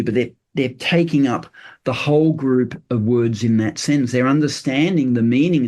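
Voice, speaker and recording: An older man, a podcast guest talking earnestly in a loose, explanatory way, often pausing on fillers and restarting sentences. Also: mid-range voice, a little mellow. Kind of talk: casual interview chat.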